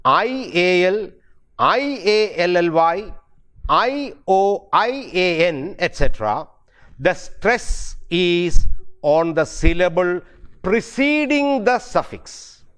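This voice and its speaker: Teaching pronunciation, this middle-aged professor of English at a university speaks with an Indian English accent, repeating key words and spelling them out one letter at a time. His high voice is slow and lively in intonation, with a slightly bright, clear, resonant tone.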